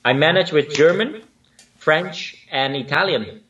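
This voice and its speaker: A man's voice: on the high side, a little slow, fairly bright tone, recorded from a distance, dull audio. A man born in Spain who speaks with a mixed Spanish and Dutch accent, a choreographer chatting as a guest, often searching for words with fillers. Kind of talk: casual interview chat.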